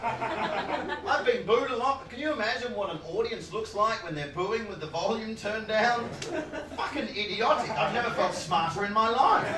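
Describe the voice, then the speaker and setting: A male stand-up comedian telling a story on stage, swearing and laughing as he talks. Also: sits high. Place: live comedy venue with audience. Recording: roomy venue, distant mic, audience noise.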